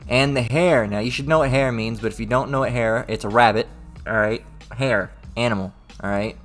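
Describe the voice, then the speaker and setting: A man's voice: medium pitch, brisk, hardly any pauses, fairly bright tone, faint music behind. A man casually going through scripture verse by verse, reading passages aloud and checking in with his listeners after nearly every line. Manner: repetitive, checks in with "all right?"; reads old-style scripture aloud with more lift. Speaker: religious teacher.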